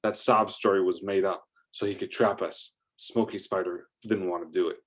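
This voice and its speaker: A man's voice: low-pitched, fairly even intonation, moderate pace. A man narrating an improvised adventure story, rambling along with fillers and restarts.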